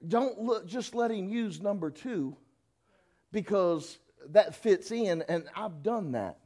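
A man preaches a sermon in a folksy, teasing way. His voice sits high for a man, and he jumps into little acted-out voices. He talks straight to his listeners. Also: lively intonation, slow, dark tone. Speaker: pastor.

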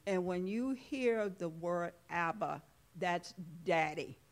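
A woman's voice: fairly low pitch, expressive, takes it slowly. A woman sharing a devotional reflection at a church service, earnest and emphatic, repeating key words.

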